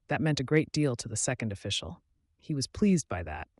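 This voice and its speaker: A man reading a novel aloud in the first person, with measured, clear narration. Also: medium pitch, big pitch swings, dry recording, studio quality. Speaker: audiobook narrator.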